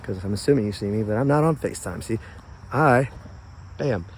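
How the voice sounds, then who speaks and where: A man's voice: on the low side, animated, brisk, slight background noise. A man ranting angrily and profanely into his phone camera while outdoors in his yard, stoned and rambling. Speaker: vlogger.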